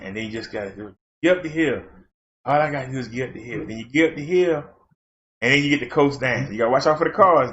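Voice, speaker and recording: A man's voice: mid-range voice, fairly bright tone. Folksy rambling man, dull lo-fi sound. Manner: rambling, folksy storytelling with fillers. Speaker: channel host. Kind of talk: casual chat.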